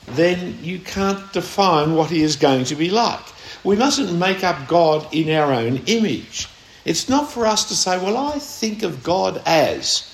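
A man with an Australian accent preaching a sermon, telling a story in a conversational way with emphatic stresses. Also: sits high. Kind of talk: sermon with anecdote. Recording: echoey room.

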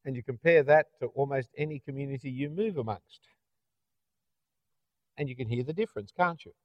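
A man's voice: mid-range voice, fairly quick, dry recording. A middle-aged Australian man preaching a sermon in a conversational way, often ending points with rhetorical tag questions. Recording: dull, dry, lo-fi.

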